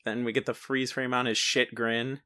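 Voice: medium pitch, flat delivery, normal speed, pushed and bright. A podcast co-host casually recapping a movie, with lots of "like" and casual swearing. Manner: casual swearing, filler-heavy retelling. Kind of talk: casual movie discussion chat.

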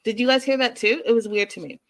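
A woman's voice: on the high side, quick pace. A woman chatting casually to her viewers as she recaps a show, often turning to them directly. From Canada.

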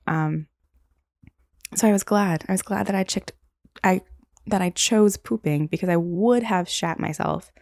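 A woman's voice: medium pitch, a little mellow, dry recording, clean studio sound. A young woman hosting a podcast, telling a long personal story in a rambling, candid way, full of "like" and swearing. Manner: rambling, heavy use of "like", candid and profane. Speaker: podcast host. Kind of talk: casual storytelling.

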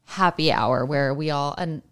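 A woman's voice: low voice, unhurried, crowd noise. A woman co-hosting a podcast, chatting casually and laughing often as she talks. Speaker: podcast co-host. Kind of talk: casual chat.

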